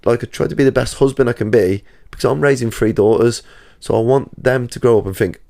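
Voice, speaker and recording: A man's voice: medium pitch, fairly quick, vocal fry, dark tone. A man, a podcast guest telling earnest stories about his life. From England. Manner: earnest, storytelling. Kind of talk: casual chat.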